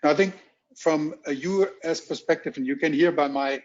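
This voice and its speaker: A middle-aged man from Germany with a strong German accent, giving a keynote at a virtual roundtable in a halting, measured way with many ums, heard over muffled video call audio. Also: fairly high pitch. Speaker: corporate executive keynote speaker. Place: home or office on a video call. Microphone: video call mic.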